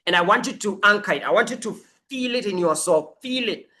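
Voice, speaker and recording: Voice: medium pitch, animated, a little fast, sharp tone, slight background noise. A life coach giving a motivational coaching talk, emphatic and repeating affirmations over and over.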